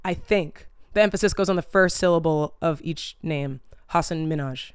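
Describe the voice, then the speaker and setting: Speaking at a normal pace in a clean, lowish voice, a young woman vlogs to camera in a casual, rambling way. The studio-clean recording has no echo. She wanders between tangents, loses her thread, leans heavily on "like," and lets the odd swear word slip.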